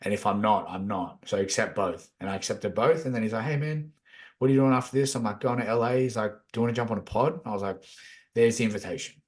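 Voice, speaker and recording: A man's voice: lowish voice, fast talker. A man chatting casually on a podcast, laid-back, swearing a lot as he talks about feelings and energy. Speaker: podcast co-host. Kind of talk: casual chat.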